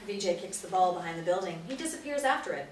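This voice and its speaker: A woman reads the stage directions of a TV pilot aloud in a steady, matter-of-fact way. She sounds far from the mic in an echoey room with faint noise behind. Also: on the low side, fast. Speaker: narrator. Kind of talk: reading stage directions at a table read. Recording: roomy, distant mic.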